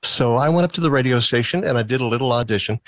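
A man's voice: mid-range voice, fast talker, no echo. A man from Massachusetts with a fairly neutral American accent, talking as a radio guest and telling stories with frequent laughs. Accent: neutral American, Midwestern-sounding. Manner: chatty, storytelling, laughs often. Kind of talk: casual interview chat.

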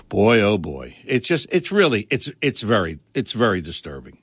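A man's voice: on the low side, huge pitch swings, normal speed, husky, no echo. Emphatic talk radio host, man. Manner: emphatic, repetitive, indignant, with frequent restarts. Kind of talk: political talk radio monologue.

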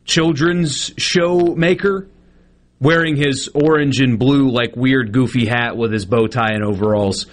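A man, co-hosting a sports radio show in casual, joking banter. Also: medium pitch. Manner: joking, self-deprecating banter.

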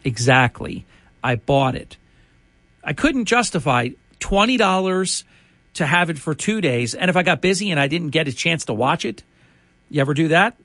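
A man hosting a radio show, talking in a chatty, opinionated way and often restarting his sentences. His voice sits a little high for a man. The sound is close and dry, with no room around it. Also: animated, moderate pace, a bit bright, no echo. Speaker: radio host. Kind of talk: casual on-air monologue.

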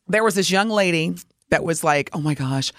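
A woman co-hosting a morning radio show, telling a story in lively chat and acting out the voices of the people in it. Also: on the low side, normal speed, no echo, clean studio sound. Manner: animated, acts out voices while telling a story. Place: radio studio.

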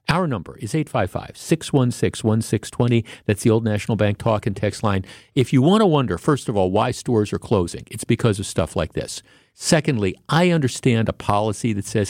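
A man's voice: mid-range voice, sing-song, normal speed, darkish tone, no echo, clean studio sound. A man hosting a talk radio show, delivering a rambling, indignant monologue with frequent restarts.

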